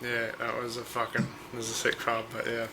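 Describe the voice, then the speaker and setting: A man chatting on a live podcast, low-key and laid-back, heard from away from the mic. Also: completely flat delivery, brisk, bright, forceful tone. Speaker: podcast co-host. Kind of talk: casual chat, live podcast.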